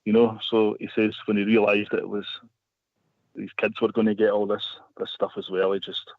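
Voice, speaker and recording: A man's voice: fairly low pitch, flat delivery, brisk, dry recording. A man telling a long story as a radio guest, rambling with many restarts. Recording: phone line.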